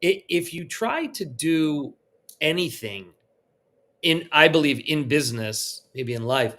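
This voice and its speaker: A man's voice: fairly high pitch, lively intonation, slow pace, pushed and bright. A man, a restaurant founder on a live panel, speaking in a conversational, reflective way.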